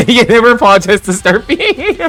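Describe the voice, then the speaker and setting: A woman's voice: fairly high pitch, big pitch swings, normal speed, a bit bright, soft background music. A woman from New Jersey with a New Jersey accent, a little tipsy, chatting casually on a livestream, laughing often and swearing freely.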